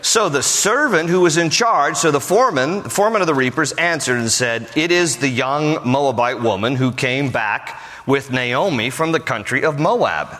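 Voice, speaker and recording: A man's voice: mid-range voice, pushed and bright. A man preaching a sermon, joking conversationally and telling the story with plenty of animation. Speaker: pastor. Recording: hall reverb.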